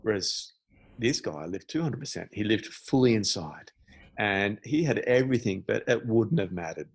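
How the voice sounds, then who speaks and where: Gravelly-voiced man in his forties telling stories. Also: low voice, no room sound, low-quality recording. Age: 40s. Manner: animated storyteller, laughs often, mimics dialogue. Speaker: podcast guest. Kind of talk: casual storytelling interview.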